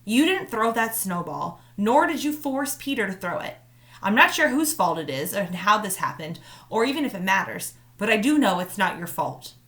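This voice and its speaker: A woman reading aloud, voicing a caring mother who comforts her daughter softly and turns firm when she insists. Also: medium pitch, sing-song, normal speed. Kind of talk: read-aloud storytelling.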